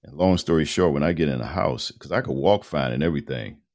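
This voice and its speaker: A man's voice: a bass voice, fast, a little mellow. A middle-aged man, a voice-over artist, telling a long personal story as a podcast guest in a casual, slangy way and acting out the dialogue.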